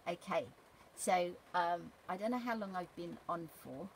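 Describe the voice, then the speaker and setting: A woman giving an unscripted spiritual teaching, gentle and halting with many pauses and restarts. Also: on the low side, slight background noise, rough recording.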